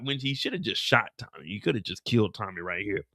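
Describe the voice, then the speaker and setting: A man hosting a casual show, lively and slangy as he retells an episode and acts out the scenes. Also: medium pitch, a little fast, few pauses. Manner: lively storytelling, slangy, sound effects. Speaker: show host recapping an episode. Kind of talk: animated casual recap, acting out scenes.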